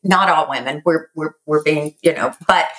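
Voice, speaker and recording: A woman's voice: sits low, normal speed, a bit bright. Emphatic woman in her sixties hosting. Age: 60s. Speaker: podcast host. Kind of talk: casual interview chat.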